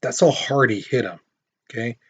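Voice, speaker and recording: A man's voice: mid-range voice, normal speed, slightly rough. A man teaching a history lesson in a casual, storytelling way, acting out quotes and putting questions to his students. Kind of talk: casual classroom lecture.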